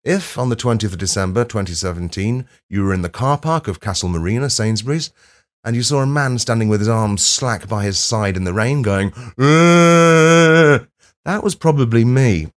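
Guy, lowish voice, dry sweary podcast monologue, mocks himself. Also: expressive, fairly quick. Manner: dry, self-mocking and sweary, with sudden loud outbursts. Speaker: podcast host. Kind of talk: comedic monologue.

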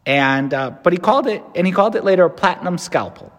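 A priest delivers a meditation in a somewhat raised voice, earnest and emphatic, with relaxed conversational asides. His words ring out with a long reverb that suggests a large hall. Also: sits high, fast. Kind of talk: spoken meditation with scripture.

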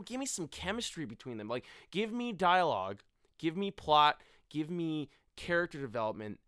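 A man's voice: on the high side, a bit bright, smooth. A young man co-hosting a podcast, talking casually and profanely, often quoting characters in mocking voices. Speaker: podcast co-host. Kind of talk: casual chat.

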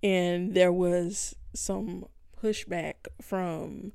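A woman co-hosting a podcast, chatting casually and reading out news in a relaxed, laid-back way. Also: lowish voice, very slow, creaky, clean tone, dry recording, clean studio sound. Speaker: podcast co-host.

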